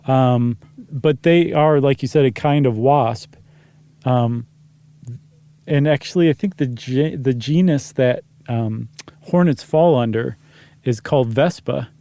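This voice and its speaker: A man's voice: medium pitch, takes it slowly, warm tone, no room sound. A man co-hosting a podcast in a casual, rambling conversational way with fillers. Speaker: podcast co-host. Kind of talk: casual chat.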